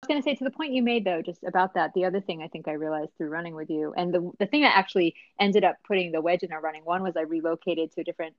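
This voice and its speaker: A woman in casual conversation, telling a story in an animated, chatty way with many fillers. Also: fairly low pitch, rapid-fire, hardly any pauses, no echo. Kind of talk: casual chat. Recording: dry, slightly dull sound.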